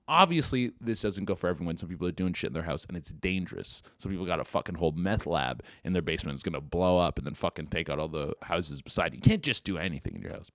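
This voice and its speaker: A young man rants through a comedic podcast monologue, his fairly low voice swinging widely in pitch as he rambles and swears. The sound is dry and close. He slips now and then into mocking voices. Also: animated, fast, few pauses, no echo. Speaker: podcast host.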